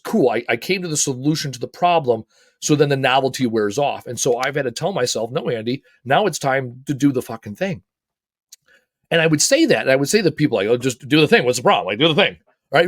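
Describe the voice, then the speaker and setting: Energetic man hosting a motivational talk. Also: medium pitch, no room sound, studio quality. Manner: energetic, emphatic, casual swearing. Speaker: host.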